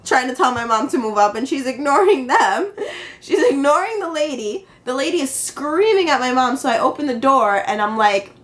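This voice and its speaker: A woman's voice: sits high, expressive, moderate pace, a bit bright. Exasperated young woman vlogging on a phone. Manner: exasperated storytelling with frequent laughter and quoted dialogue. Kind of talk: casual chat. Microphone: handheld phone camera.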